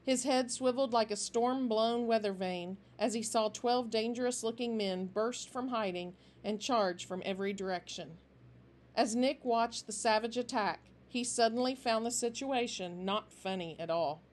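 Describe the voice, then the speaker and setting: A woman reading a children's novel aloud in a steady, expressive way. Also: on the high side, normal speed. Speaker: storybook reader.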